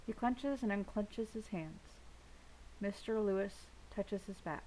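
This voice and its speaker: A woman reading a novel aloud with steady first-person narration. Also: mid-range voice, a little slow, slight background noise, rough recording. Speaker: audiobook reader.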